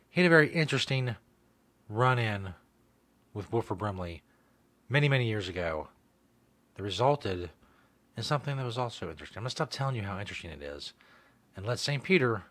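A man's voice: on the low side, a bit bright, dry recording. A man hosting a comedy podcast, introducing a segment with a dry, wry build-up. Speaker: podcast host.

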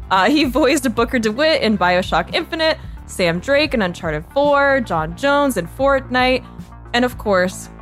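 A woman co-hosting a podcast over a video call, playful and giggly as she chats and introduces a guest. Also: mid-range voice. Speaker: podcast co-host. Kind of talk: casual podcast chat and show introduction.

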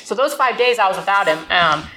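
A woman's voice: mid-range voice, animated, a little fast, pushed and bright, a little hiss or hum, poor audio. A woman, candidly telling her recovery story in a rambling way, full of fillers and restarts.

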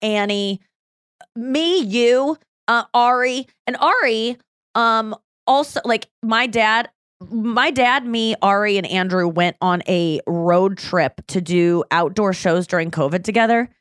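A woman co-hosting a podcast, telling stories in a lively way with lots of "like" fillers and acted-out quotes. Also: mid-range voice, takes it slowly, clear, resonant tone, no echo, studio quality. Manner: animated storyteller acting out quoted voices, many "like" fillers. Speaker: podcast co-host. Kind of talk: casual chat.

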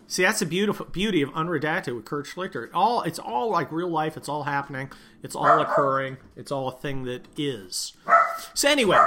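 A man's voice: sits high, background noise. A middle-aged man hosting a podcast from his home, giving casual, sarcastic political commentary in a rambling way with many fillers. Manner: sarcastic, rambling, yells at barking dogs. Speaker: podcast host. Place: home with barking dogs.

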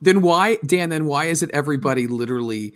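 A man's voice: a little high, expressive, fast talker. A man hosting a podcast, asking casual follow-up questions and agreeing. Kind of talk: casual chat.

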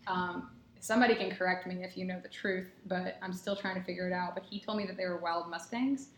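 A woman guest who grew up in a small American country town, telling lively stories in casual podcast chat, peppered with "like". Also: fairly low pitch, a little fast, slight background noise. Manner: animated storyteller, full of "like" fillers. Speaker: guest, personal trainer. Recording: echoey room.

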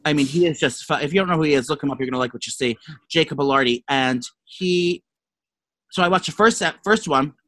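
A man's voice: on the high side, fairly quick, bright, forceful tone, rough recording. A man co-hosting a podcast in casual chat, gushing, profane and rambling. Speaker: podcast co-host.

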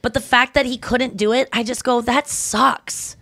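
A young adult woman co-hosting a podcast in casual chat. She tells stories in a lively way, acts out other people's lines, and swears freely. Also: a little high, fairly quick, no room sound. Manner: animated storyteller who acts out quotes and swears freely. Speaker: podcast co-host.

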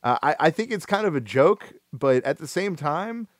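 A man hosting a casual gaming podcast, who talks in a halting, rambling way with many restarts and fillers. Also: a little high, expressive, dry recording, studio quality. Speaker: podcast host.

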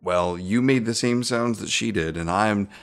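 Very deep, gravelly man at the game table. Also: moderate pace. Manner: playful, joking. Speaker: player. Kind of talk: casual tabletop play.

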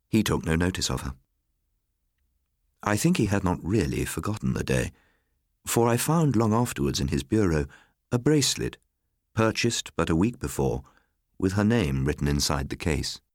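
A man narrating a ghost story in a measured, melancholy storytelling way. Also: sits low, very animated, no echo, studio quality. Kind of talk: scripted ghost story reading.

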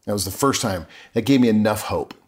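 A man's voice: fairly low pitch, a little fast, darkish tone. A middle-aged man, a podcast guest, telling his life story in an earnest, emotional way and often correcting himself mid-sentence. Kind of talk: candid personal storytelling.

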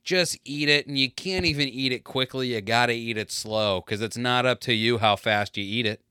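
A man's voice: mid-range voice, normal speed, pushed and bright, smooth, no echo, studio quality. A man in his late thirties telling a rambling, self-deprecating story in a casual solo monologue. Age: 30s.

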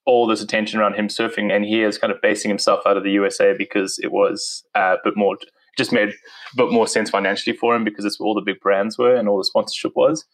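A man in his thirties with a South African accent speaks in a lowish voice, rattling along at a quick clip. His casual chat is full of "like" and easy laughter. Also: little pitch movement, low-quality recording. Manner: chatty, laughs easily, lots of "like". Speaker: interview guest. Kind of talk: casual conversation.

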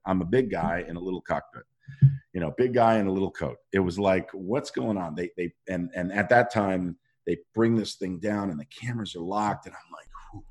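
A man with a very low, deep voice tells animated stories from a film set in a relaxed interview. He acts out other people's lines as he goes, and his pitch swings widely through the telling. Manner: animated anecdotes with acted-out quotes. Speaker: actor guest. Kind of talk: casual interview storytelling.

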